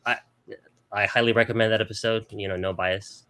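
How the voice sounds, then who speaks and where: Lower-voiced guy on a podcast, walks through details step by step, easygoing. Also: steady tone, fairly quick, sharp tone, smooth, no echo. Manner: patient, explanatory. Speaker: podcast co-host, card collector. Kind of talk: casual chat.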